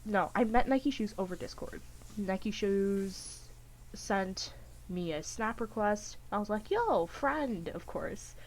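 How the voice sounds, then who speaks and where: A woman's voice: medium pitch, takes it slowly, a little hiss or hum. Giggly young woman telling a rambling story. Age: young adult. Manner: rambling, giggly, acts out quotes with voices. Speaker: podcast co-host. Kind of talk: casual storytelling chat.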